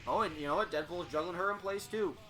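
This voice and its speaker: A man's voice: high voice, quick pace, bright, forceful tone, faint music behind. A man hosting and casually commentating fights, swearing freely and filling his sentences with "like" and "uh". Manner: casual and profane, with filler words. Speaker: host and commentator. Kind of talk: casual game commentary and story reading.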